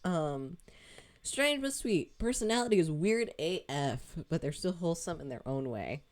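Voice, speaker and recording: A woman's voice: sits low, expressive, moderate pace. A woman streamer chatting casually to her chat about her game, rambling, laughing often and swearing casually.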